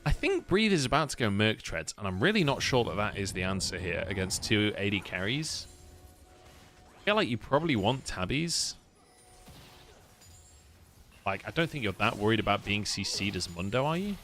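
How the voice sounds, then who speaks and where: British guy costreaming esports, low-ish voice, punchy and bright, swears a lot and gets hyped. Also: fairly quick, soft background music. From United Kingdom. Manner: excitable, swears freely, laughs between plays. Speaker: esports caster. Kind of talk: casual live co-stream commentary.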